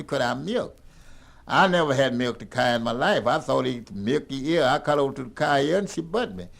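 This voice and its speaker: An older man telling a rambling tall tale in a folksy, animated drawl. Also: fairly high pitch, vocal fry. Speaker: storyteller.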